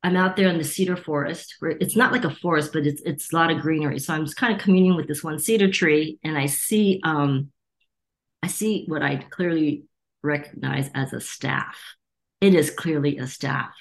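A woman's voice: low voice, moderate pace, vocal fry. A middle-aged woman from the United States, a Reiki teacher, telling stories in an interview and acting out the voices of people she quotes. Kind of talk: storytelling interview.

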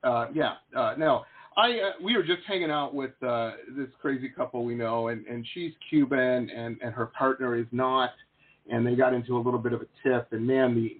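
A man's voice: medium pitch, breathy edge. A man hosting an interview over a video call, chatty, jokey and rambling. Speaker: host, painter. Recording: tinny phone-like call audio.

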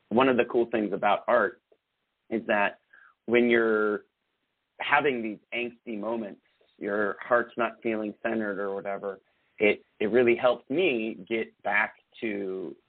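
A man co-hosting a podcast in casual chat, reflective and halting, with many fillers. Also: lowish voice, fairly even intonation, no room sound. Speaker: podcast co-host. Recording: tinny phone-like sound, dry.

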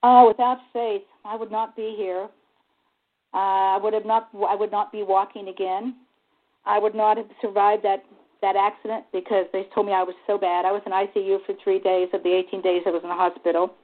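Earnest woman on a tinny phone line. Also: medium pitch. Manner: earnest, heartfelt, openly emotional. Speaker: guest. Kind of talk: talk radio interview.

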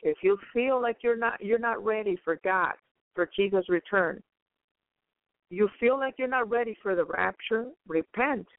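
A woman giving an earnest preaching testimony, halting and repeating her words often. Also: mid-range voice, dry recording. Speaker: guest speaker. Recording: tinny phone-like line.

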